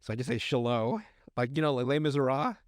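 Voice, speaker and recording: A man's voice: medium pitch, fairly even intonation, very fast, no room sound, studio quality. A man co-hosting a podcast, reading recipes aloud in casual chat, stumbling over words and joking crudely. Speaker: podcast co-host.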